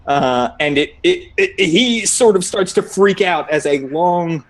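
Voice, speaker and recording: A man runs a tabletop game as dungeon master, narrating in a relaxed, halting way. He uses lots of fillers and laughs, and his voice sits high.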